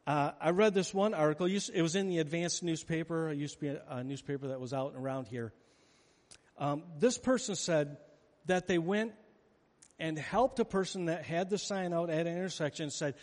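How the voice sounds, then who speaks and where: In a big hall where his words echo with long reverb, a high-voiced pastor gives a sermon at normal speed. His tone is somewhat dark, his intonation lively, and he acts out the story's scenes with animation.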